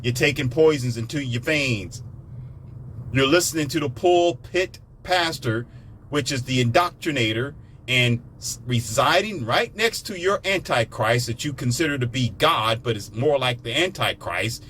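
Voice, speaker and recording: Male ranter, sarcastic and animated, middle pitch, slight background noise. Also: a little slow. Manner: animated, sarcastic, swings into mocking high-pitched impressions. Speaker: commentator. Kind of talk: ranting monologue.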